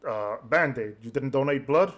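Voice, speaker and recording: A man's voice: mid-range voice, animated, moderate pace, fairly bright tone, lightly acted. A man voicing a cocky, cheerful male gnome in a tabletop game, chatty and boastful.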